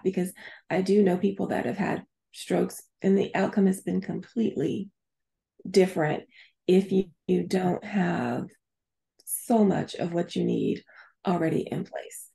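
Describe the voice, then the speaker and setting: A middle-aged woman speaking as a podcast guest, slow and halting, with frequent restarts and fillers as she recovers her speech after a stroke. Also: fairly low pitch, creaky, warm tone. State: speech affected by a past stroke. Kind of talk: casual interview chat.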